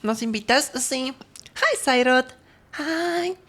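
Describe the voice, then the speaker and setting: A woman's voice: mid-range voice, moderate pace, fairly bright tone. A woman streamer in casual livestream chat, talking while eating, laughing often and greeting her chat between stories.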